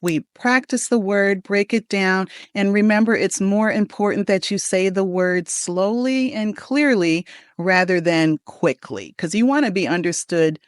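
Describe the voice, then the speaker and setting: A woman teaching English pronunciation, modeling each word slowly and deliberately for learners to repeat. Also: mid-range voice, dry recording. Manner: slow, deliberate modeling of words. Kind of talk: pronunciation lesson.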